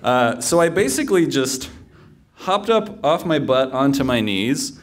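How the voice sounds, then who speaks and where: A man's voice: mid-range voice, expressive, a little slow. A man telling a humorous personal story live on stage, in a conversational way with fillers and restarts.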